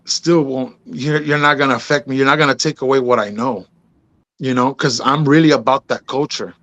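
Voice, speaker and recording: Easygoing guy telling a story on a podcast, says bro a lot, does the voices of people he quotes, dry mic, mid pitch. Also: fairly even intonation, a little fast, fairly bright tone, no room sound. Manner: laid-back, drops in "bro" and "man", acts out quoted dialogue. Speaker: podcast host telling his story as a guest. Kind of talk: casual storytelling interview.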